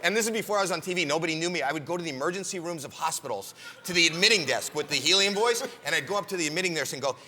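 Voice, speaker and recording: A middle-aged man from Canada, a comedian telling a comic story as a guest on a late-night talk show, animated with quick self-deprecating asides. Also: on the high side. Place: TV studio stage. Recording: loud studio audience and crowd noise. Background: laughing, applauding studio audience.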